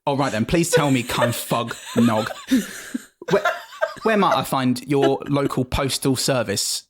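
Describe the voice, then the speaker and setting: A man's voice: mid-range voice, measured pace, heavy background noise, natural voice. A man voicing an earnest young male adventurer in his own voice, doting and polite. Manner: doting, talks fondly to his pet.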